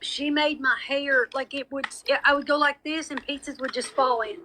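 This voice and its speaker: A woman with a high, very bright voice tells a rambling story in casual chat. She curses freely and laughs her way through it. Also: fairly even intonation, normal speed, slight background noise, rough recording. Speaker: guest telling a story.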